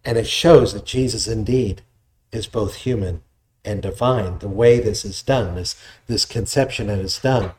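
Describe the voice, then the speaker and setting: Male pastor, mellow tone, conversational sermon delivery. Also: fairly low pitch, a little slow, slight background noise. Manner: explanatory, conversational preaching with restarts.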